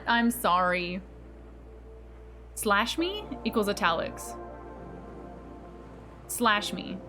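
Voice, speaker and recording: A woman's voice: medium pitch, sing-song, drawn-out words, long pauses, pushed and bright, faint music behind. A woman streamer chatting casually and bubbly with her viewers, laughing often and teasing herself. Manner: bubbly, giggly, self-teasing, reacting to chat. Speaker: game streamer.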